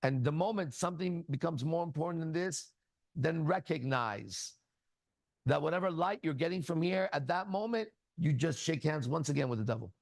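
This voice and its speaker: Gravelly, profane man preaching bluntly. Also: a little high, animated, normal speed, no room sound. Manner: crude, profane, blunt storytelling. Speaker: ministry teacher. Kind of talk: casual spiritual talk.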